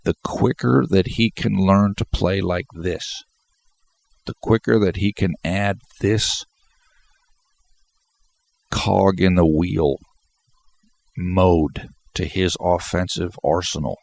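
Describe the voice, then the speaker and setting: Low gravelly congested man. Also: fairly even intonation, slow, long pauses, a little mellow. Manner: rambling, repeats words and restarts. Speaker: basketball video commentator. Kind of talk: solo post-game commentary.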